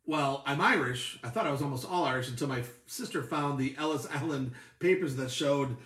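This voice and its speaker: A man's voice: mid-range voice, fairly quick, fairly bright tone, echoey room, far from the mic. A man co-hosting a casual beer-tasting podcast, joking and bantering playfully. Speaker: podcast co-host.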